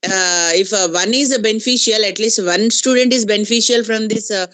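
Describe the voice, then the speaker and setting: A woman teacher asking a symposium speaker a question, hesitant and halting, saying "sir" again and again. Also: medium pitch, a bit bright.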